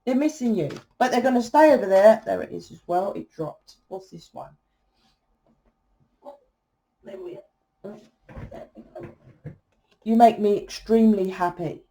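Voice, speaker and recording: A woman's voice: mid-range voice, lively intonation, a little slow, creaky, pauses often, mellow. A woman giving a tarot reading in a fiery, blunt monologue, swearing freely and asking "right?" often. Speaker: tarot reader.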